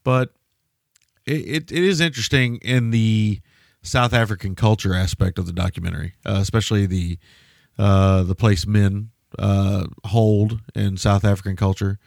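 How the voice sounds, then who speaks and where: Man, podcast co-host, laid-back casual chat, lowish pitch, dry sound. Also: steady tone, gravelly, darkish tone, no echo. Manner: laid-back, measured, hedging.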